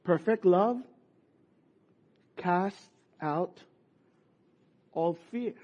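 Slow, husky high-voiced male preacher. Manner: impassioned, with soft drops and shouted peaks. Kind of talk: sermon. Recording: muffled lo-fi sermon recording.

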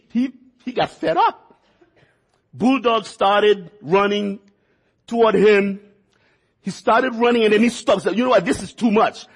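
A man's voice: high-pitched, breathy edge. A man preaching a sermon, telling folksy stories and repeating words for emphasis. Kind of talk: sermon with personal storytelling.

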